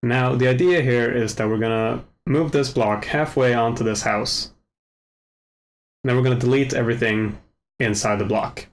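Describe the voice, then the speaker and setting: A man hosting a casual software tutorial, talking to himself as he works, joking at his own slips, on a desk microphone with the gain set too high. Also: moderate pace, a little hiss or hum. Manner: relaxed, self-mocking, mutters to himself while working. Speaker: tutorial host. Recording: overdriven mic with faint keyboard clicks.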